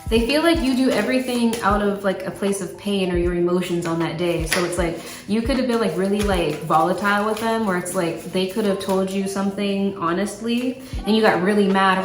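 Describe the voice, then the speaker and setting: A woman's voice: mid-range voice, steady tone, fairly quick. A woman giving a casual tarot reading to camera, blunt and chatty, swearing freely and talking with lots of fillers. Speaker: tarot card reader. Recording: roomy echo with faint music.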